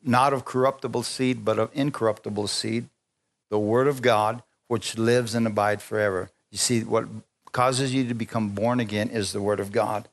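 A man preaching a sermon, telling stories with lively energy, stopping often to restart phrases and calling for amens. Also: lowish voice, normal speed. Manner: animated storytelling with frequent restarts and calls for amen.

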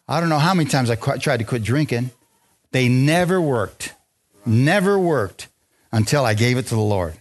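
A man preaching a lively, joking sermon in a church, drawing responses from the congregation. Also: medium pitch, normal speed. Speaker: pastor. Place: church sanctuary.

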